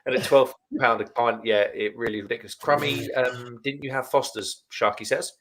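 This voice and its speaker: A man's voice: mid-range voice, steady tone, a little fast, a crowd in the background. A man hosting a live stream over beers, rattling through viewer comments in a chatty, matter-of-fact way. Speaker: livestream host reading viewer comments. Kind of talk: casual chat over beers.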